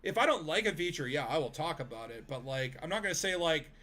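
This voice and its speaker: A man's voice: fairly high pitch, animated, fast, sharp tone. A man streaming a video game, chatting casually with friends, rambling with fillers and laughing easily. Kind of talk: casual gaming chat.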